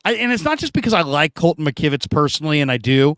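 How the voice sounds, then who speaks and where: Sports talk host guy, kinda high voice, dry close sound, reads the chat. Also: sing-song, quick pace, fairly bright tone, clear, resonant tone, no echo. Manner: chatty, reads viewer comments aloud.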